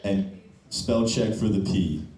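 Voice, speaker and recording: A young man doing stand-up in a club, his voice a little low and punchy, often ending lines on "okay?". The sound is roomy and comes from some way off the mic. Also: takes it slowly, warm tone. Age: young adult. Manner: loose, punchy delivery, tags "okay?" to lines. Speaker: stand-up comedian. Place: comedy club stage. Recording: echoey room, mic from a distance.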